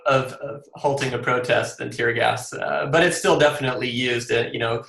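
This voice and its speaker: A man's voice: mid-range voice, steady tone, a little fast, creaky, a bit bright, roomy sound, a little hiss or hum, poor audio. A man talking earnestly as a guest author in an interview, with many fillers and restarts. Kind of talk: casual interview.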